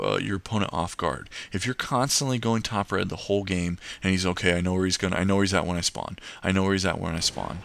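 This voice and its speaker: Low gravelly young man coaching gameplay. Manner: relaxed, rambling, full of fillers and restarts. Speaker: gameplay commentator. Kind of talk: casual gameplay commentary with tips.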